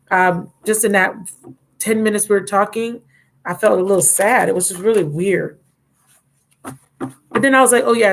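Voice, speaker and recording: A woman's voice: mid-range voice, creaky, a little hiss or hum. A woman in her thirties hosting a casual live-stream chat from home, rambling and talking straight to her viewers. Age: 30s. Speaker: tarot reader and channel host.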